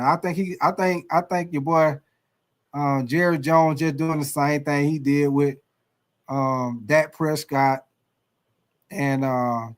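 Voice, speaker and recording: A man hosting a live sports talk stream in a fairly high voice. He talks loosely and excitably, greeting chatters by name and ending his lines with "man" and "baby.". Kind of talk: casual live-stream chat.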